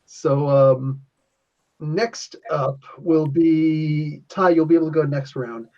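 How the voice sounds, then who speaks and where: A man's voice: a little high, fairly even intonation, takes it slowly, warm tone. A man acting as game master, describing the action in a casual, rambling way with restarts. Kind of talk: running a tabletop game session. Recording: lo-fi podcast audio.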